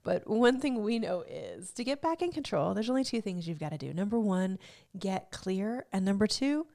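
A woman's voice: mid-range voice, big pitch swings, moderate pace, creaky, mellow. A woman co-hosting a casual money podcast in an upbeat, teasing way. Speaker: podcast co-host.

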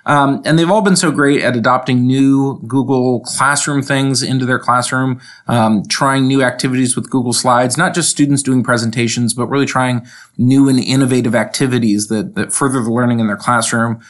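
An enthusiastic man explains his program steadily on a casual podcast, sounding proud of the people he works with. His voice sits at an everyday middle pitch. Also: steady tone, moderate pace. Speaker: tech coach and co-host.

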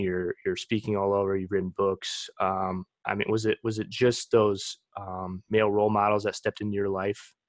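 A male host with a very deep, flat voice asks questions in a measured, hesitant, supportive manner. The sound is dry and close. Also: no echo. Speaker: podcast host. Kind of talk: interview questions.

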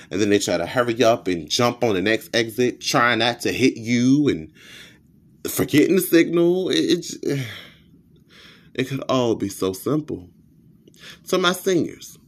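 A man hosting a podcast, telling a comedic, profane rant in an animated storytelling style. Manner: animated, profane storytelling with sudden pitch jumps. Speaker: podcast host.

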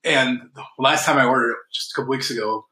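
A man's voice: medium pitch, fast, bright, forceful tone, reverberant, low-quality recording. A man co-hosting a casual local podcast, telling stories and laughing often. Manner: chatty storyteller, laughs often. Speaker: podcast co-host. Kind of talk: casual chat.

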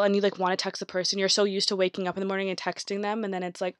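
A woman's voice: mid-range voice, little pitch movement, fast, dry recording, studio quality. A young woman talking casually to her viewers, rambling with many fillers and acting out inner thoughts. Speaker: vlogger.

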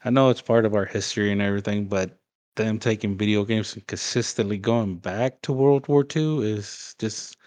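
A man's voice: on the low side, moderate pace, a little mellow. A man in casual podcast chat, bluntly complaining about a video game. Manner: blunt, complaining gamer talk.

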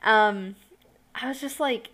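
A woman's voice: a little high, slow, a bit bright. A tired young woman hosting her own podcast, telling a story in a rambling, self-conscious way with many giggles and fillers. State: tired, yawning. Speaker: podcast host. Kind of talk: casual solo podcast storytelling.

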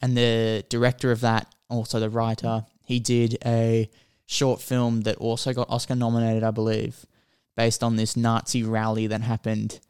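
A man co-hosts a casual podcast, walking through a film's plot in an animated, rambling way. His voice is smooth and clear, recorded close and dry with no room sound. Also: medium pitch, normal speed, few pauses, no room sound. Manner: rambling, animated storytelling with filler words. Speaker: podcast co-host. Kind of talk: casual film chat.

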